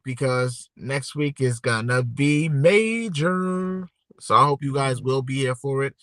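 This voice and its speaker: With no room sound, this man's mid-range, somewhat bright voice comes through clearly as he co-hosts a podcast livestream. His manner is relaxed and meandering, and he addresses his viewers directly.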